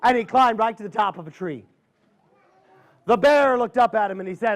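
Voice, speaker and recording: A man storyteller telling a folksy tale to a live audience, dramatic and drawing out his pauses. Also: sits high.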